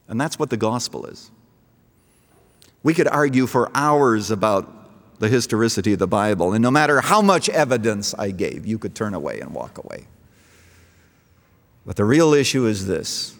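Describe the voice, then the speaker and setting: A man's voice: on the low side, gravelly. A middle-aged man preaching a sermon, telling a story and rising to emphatic calls to believe. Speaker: pastor. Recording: long echo of a large hall.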